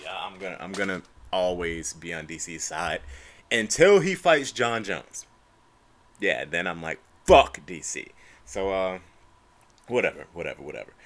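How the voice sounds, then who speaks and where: A young man hosting a solo podcast, ranting casually about fight news, swearing and tagging lines with bro and man. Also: sits low. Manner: animated, profane, says bro and man constantly. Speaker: podcast host.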